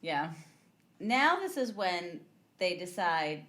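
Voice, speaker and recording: A woman's voice: on the low side, very animated, slow, a loud crowd. Chatty woman recapping a movie. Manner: chatty, recounts scenes, laughs along. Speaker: podcast co-host. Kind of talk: casual movie-recap chat.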